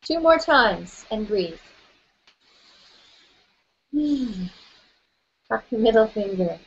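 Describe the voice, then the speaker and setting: Woman guiding a tapping session, playful and gentle, kinda lo-fi dull sound. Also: on the high side, big pitch swings, extremely slow, slightly rough. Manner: gentle and playful, often laughing.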